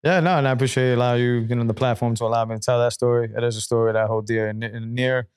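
A man in a casual podcast conversation, candid and animated as he tells his own story. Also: medium pitch, very fast, clear, resonant tone, no room sound, clean studio sound. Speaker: podcast host and guest.

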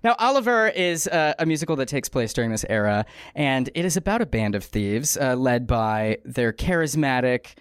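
Raspy-throated woman hosting, playful and lively. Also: extremely low pitch, normal speed, few pauses, dry recording, studio quality. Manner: playful, animated, rambling asides. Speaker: podcast host. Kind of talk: casual comedic storytelling. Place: studio.

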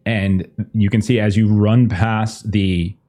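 A man with a fairly low voice narrating a tabletop game as its game master. He describes scenes loosely and conversationally, padding his sentences with fillers. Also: fairly even intonation, takes it slowly, warm tone.

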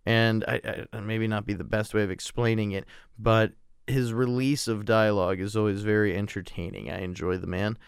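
Smooth low-voiced man, casual and profane. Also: steady tone, normal speed, no room sound, studio quality. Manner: rambling, profane, self-deprecating. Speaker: podcast host reviewing films. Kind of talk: casual solo podcast talk.

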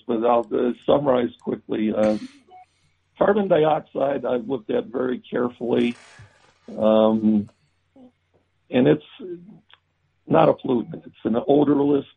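A man being interviewed about his book, talking haltingly with many restarts and fillers. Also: mid-range voice, sing-song, vocal fry, husky. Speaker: book author guest. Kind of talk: remote interview. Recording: tinny phone-like line.

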